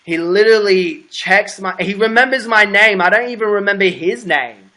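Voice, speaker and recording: A man's voice: sits high, moderate pace, bright, forceful tone. A young adult man hosting a casual livestream chat, gossipy and giggly with a camp manner. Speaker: host.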